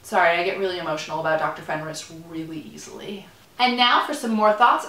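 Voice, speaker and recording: A young woman talks through a TV episode in a casual, rambling vlog full of playful asides. Her voice is bright and forceful and sits a little low. The room around her rings with echo. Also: quick pace, slight background noise. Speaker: vlogger. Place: room in a student building.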